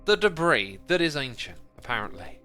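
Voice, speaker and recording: Bright, lively man hosting a game stream. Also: mid-range voice, normal speed, soft background music. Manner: chatty, playful, easily sidetracked. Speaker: livestream host. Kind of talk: casual gameplay livestream commentary.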